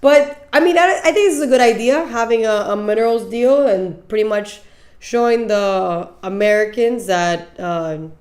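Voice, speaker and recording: A woman's voice: a little high, moderate pace, a little mellow. A young woman hosting a podcast, chatting loosely about the news, joking and laughing often, with casual swearing. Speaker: podcast host. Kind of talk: casual political commentary.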